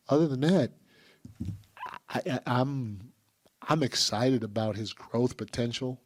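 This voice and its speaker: A coach at a press podium, a man of middle pitch who talks in halting bursts and circles back on his words. His voice comes through close and dry. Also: no room sound. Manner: halting, with frequent restarts and fillers. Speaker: basketball head coach. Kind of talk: press conference answers.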